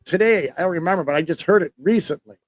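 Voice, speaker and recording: A man's voice: high voice, fast talker, no echo, poor audio. A man in a casual podcast chat, talking eagerly about music. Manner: enthusiastic, chatty music fan. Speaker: podcast co-host.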